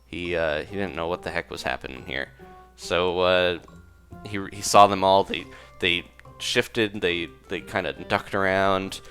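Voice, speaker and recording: A man's voice: low voice, a little slow, fairly bright tone. A man casually improvising a story over gameplay, rambling with fillers and side comments. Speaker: gaming video creator. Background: faint music.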